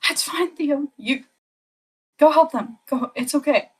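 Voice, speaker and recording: A hurt but selfless young man in a tabletop fantasy game, as a woman puts him on. He speaks slowly and softly, with a weak, tender way of talking. The voice sits a little higher than usual. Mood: gently encouraging. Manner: soft, weak, encouraging.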